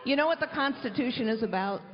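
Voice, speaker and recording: A woman in her sixties, a former candidate, delivering crisp, rallying lines during a live interview at a rally. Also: high-pitched, lively intonation, fast talker, crowd noise. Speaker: former candidate, campaign surrogate. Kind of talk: live political interview on stage. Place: outdoor rally stage. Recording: muffled live mic with clear noise.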